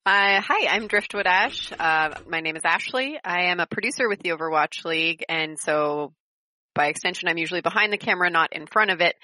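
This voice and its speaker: A woman's voice: fairly low pitch, a little fast, pushed and bright, no echo, poor audio. A woman introducing her character hesitantly, with many fillers. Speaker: player. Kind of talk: casual chat.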